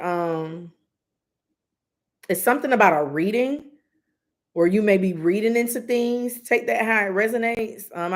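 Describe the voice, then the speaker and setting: A woman doing a live intuitive reading, giving earnest, direct advice with many asides. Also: medium pitch. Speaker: psychic reader.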